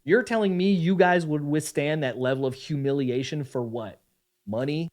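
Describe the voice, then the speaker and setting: Measured male video narrator. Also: a little high, darkish tone. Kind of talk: scripted commentary narration.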